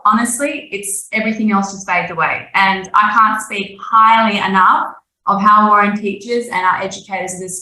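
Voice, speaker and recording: A woman's voice: medium pitch, pushed and bright, reverberant, recorded from a distance, low-quality recording. A woman co-hosting a webinar, upbeat and keeping things moving. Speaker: webinar co-host.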